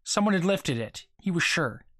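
A reader narrates a short story aloud for students, steady and measured, in a middle-pitched voice. The recording is dry and close, with no room sound.

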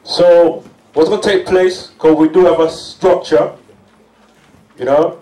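A man co-hosting a community event, loudly and playfully rousing the audience. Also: fairly high pitch, steady tone, slow. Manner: loud, jokey crowd-rousing. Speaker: co-host. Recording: echoey hall, crowd noise, distant.

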